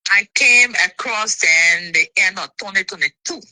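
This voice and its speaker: A woman, an interview guest telling her side of a dispute in an indignant, animated way. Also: medium pitch, unhurried, no room sound, rough recording.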